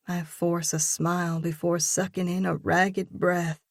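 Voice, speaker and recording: A woman narrating a first-person audiobook in a steady, measured reading voice. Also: fairly low pitch, no echo, clean studio sound.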